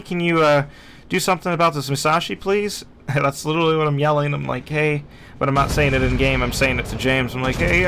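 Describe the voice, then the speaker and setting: A man's voice: mid-range voice, bright, forceful tone, a little hiss or hum. A young man casually commenting on a replay of his own naval battle game, chatty and self-deprecating, acting out what he was thinking at the time. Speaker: gameplay commentator.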